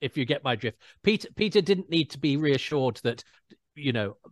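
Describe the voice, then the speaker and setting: A man's voice: mid-range voice, expressive, moderate pace, no room sound. A man chatting casually as a guest, telling anecdotes and quoting people in put-on voices. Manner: anecdotal, imitates people in quotes. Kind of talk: casual chat.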